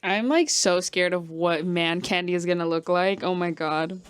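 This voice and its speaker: Laughing, animated young woman vlogger. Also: fairly low pitch, normal speed, smooth. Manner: animated, laughs often, swears casually. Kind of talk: casual vlog chat.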